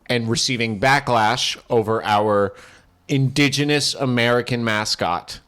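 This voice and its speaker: Man doing boastful alien college quarterback, male, stiff formal talk, broken grammar, middle pitch. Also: unhurried, fairly bright tone, clean tone, close to an everyday voice. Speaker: podcast co-host. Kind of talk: improvised comedy character.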